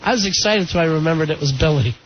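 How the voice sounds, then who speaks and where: A man's voice: fairly high pitch, lively intonation, racing. A man hosting a radio talk show, chatting casually and telling stories. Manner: chatty, storytelling. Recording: dull lo-fi radio broadcast with faint noise.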